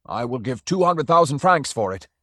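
A man's voice: medium pitch, sing-song, moderate pace, a bit bright, no room sound, voice pushed up. A plump, pompous art dealer who speaks coldly and formally, with curt, clipped demands, as a male narrator puts him on. The reading is dry and close to the mic. It sits within a storybook reading. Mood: persuasive.

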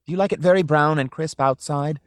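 A man voicing a smooth, snake-like tempter who relishes his words as he coaxes. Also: a little high, brisk, no echo, studio quality, voice pushed up, close to an everyday voice. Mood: smooth, tempting. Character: smooth persuasive adult male tempter, snake-like.

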